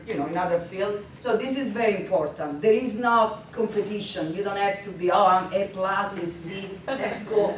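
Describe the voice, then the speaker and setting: A woman language instructor giving a workshop presentation to colleagues, lively, often laughing, with frequent hesitations. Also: mid-range voice. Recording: very echoey, distant, faint noise.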